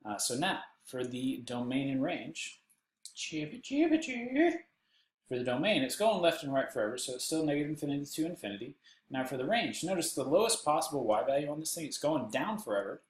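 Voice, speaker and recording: A man's voice: medium pitch, animated, fast, roomy sound, poor audio. A man with a Texan accent teaching a recorded math lesson while seated, with playful jokes and silly voices on the side. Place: indoors, seated.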